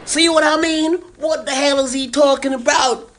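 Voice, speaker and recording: A man voicing a frantic, exasperated father who yells in a shrill voice. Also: fairly even intonation, moderate pace, background noise. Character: frantic fussy father, middle-aged man.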